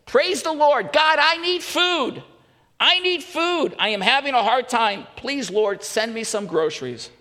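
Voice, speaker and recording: A man's voice: very animated, fairly quick, creaky, hardly any pauses, big-room sound, heavily acted. A man voicing a bold, joyful elderly woman of faith in a sermon joke. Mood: pleading. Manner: high shouting praise.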